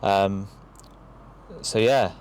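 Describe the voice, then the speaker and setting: A young man with an excitable, rushing manner and casual slang, filming a car review vlog from inside a car. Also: on the low side, a little hiss or hum. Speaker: car vlogger. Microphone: camera held by someone else.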